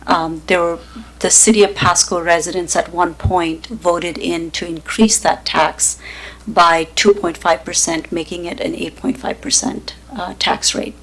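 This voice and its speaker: A woman's voice: on the low side, fairly even intonation, unhurried, fairly bright tone, low-quality recording. A woman, a deputy city manager, presenting to a city council carefully with many fillers. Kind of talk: staff presentation at council meeting. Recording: government meeting broadcast.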